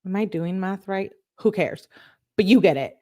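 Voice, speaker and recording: A woman's voice: mid-range voice, normal speed, a little mellow. A woman giving casual commentary as she reads text messages aloud, chatty and blunt with exasperated asides. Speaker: online commentator.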